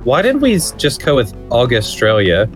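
A man co-hosting a casual podcast chat, quick and self-deprecating. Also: mid-range voice, huge pitch swings, soft background music. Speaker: podcast co-host.

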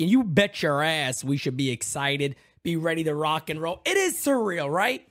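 A man's voice: a little high, normal speed, few pauses. Hyped-up man hosting a live stream. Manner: loud, excitable, shouts out chat names.

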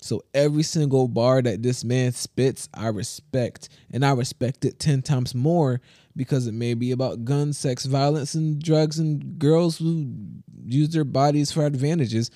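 A man co-hosting a podcast in casual chat, telling stories in an animated, slangy way with lots of fillers, speaking close to the mic. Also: medium pitch, measured pace, no room sound. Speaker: podcast co-host.

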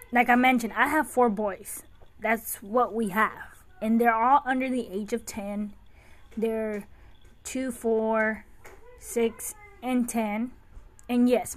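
A woman hosting a podcast, chatting casually and telling stories about raising her kids. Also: on the high side. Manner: chatty, anecdotal storytelling. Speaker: podcast host and mother. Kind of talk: casual chat.

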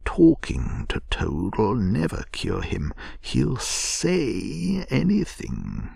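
A man voicing a skeptical, sharp-tongued male water rat who speaks scornfully, in a whispered bedtime story. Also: mid-range voice, wildly swooping pitch, very slow, creaky, slightly rough, dry recording, voice pushed up, exaggerated voice. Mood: doubtful. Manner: scornful, doubtful.

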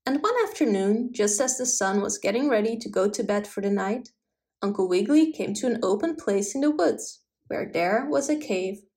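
A woman reading a children's bedtime story aloud, gentle and expressive. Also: medium pitch, normal speed.

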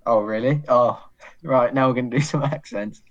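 A young man hosting a casual podcast, teasing his co-host and joking, quick to laugh. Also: medium pitch, muffled recording. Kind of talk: casual chat.

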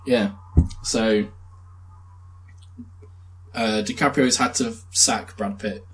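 A young man chatting casually, retelling a film with lively swearing and laughter. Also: lowish voice, slow pace, low-quality recording. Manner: animated storytelling with swearing and laughs. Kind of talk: casual chat.

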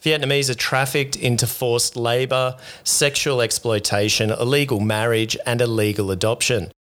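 A mid-pitched man co-hosts a casual podcast, running through the week's news. His humor is dry and deadpan, with jokes delivered flatly. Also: moderate pace. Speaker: podcast co-host. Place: living in Vietnam.

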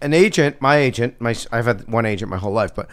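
A man in his fifties chats casually as a podcast guest. He tells his stories with lively, laughing energy in an ordinary mid-range voice. The sound is close and dry. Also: medium pitch, quick pace, clear, resonant tone, no echo. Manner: animated storyteller, laughing often. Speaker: actor guest.

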